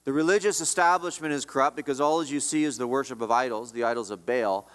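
A man's voice: mid-range voice, steady tone, fast, a bit bright, big-room sound. A man preaching a sermon as pastor, emphatic and repetitive, often dropping his voice on key lines.

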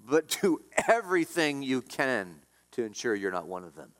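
A man preaching a sermon as pastor, emphatic, his voice swinging between loud rises and quiet drops. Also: big pitch swings, normal speed, in a large hall. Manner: emphatic preaching, rising and dropping in pitch and volume.

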